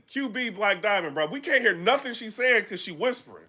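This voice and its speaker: A man chatting casually on a live stream, animated and full of fillers, breaking into loud shouts when he gets excited. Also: high-pitched, a little fast, few pauses, a faint crowd. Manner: animated, loose, full of fillers like "you know what I'm saying". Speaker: battle rap commentator.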